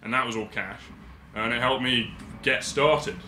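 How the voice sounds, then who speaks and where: A man's voice: medium pitch, unhurried, roomy sound, slight background noise. A man, telling stories as a podcast guest and acting out the voices of people he quotes. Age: 20s. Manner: lively storyteller who acts out quoted voices. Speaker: guest artist. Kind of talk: casual podcast storytelling.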